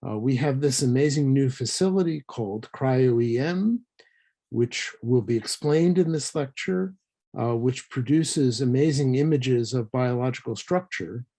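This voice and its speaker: Guy opening a science lecture over a video call, mellow tone, lots of uh's. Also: mid-range voice, unhurried. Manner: hesitant, frequent uh fillers. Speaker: lecture series host. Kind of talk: introducing a speaker.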